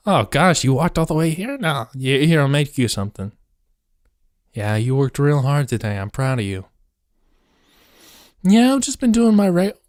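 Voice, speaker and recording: A man's voice: medium pitch, no echo, clean studio sound. A man voicing a bashful, fussing homemaker woman in a spoof audio erotica skit, gasping and growing more flustered.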